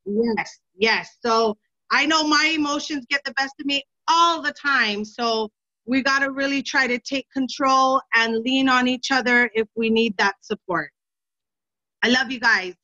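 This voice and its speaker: Woman, video call, earnest, encouraging, halting, dull sound. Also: high voice, bright, forceful tone. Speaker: team member sharing on a video call. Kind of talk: heartfelt sharing on a video call.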